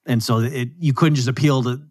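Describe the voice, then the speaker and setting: Male podcast host, chatty and quick to act out quotes, dry close mic, mid-pitched. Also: no echo. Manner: talks in lively bursts, slips into voices for quoted people. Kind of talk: casual economics discussion.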